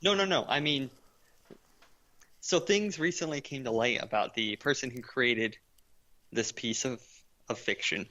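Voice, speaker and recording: A man co-hosting a casual podcast chat, soft-spoken and a bit hesitant. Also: medium pitch, unhurried, pauses often. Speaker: podcast co-host.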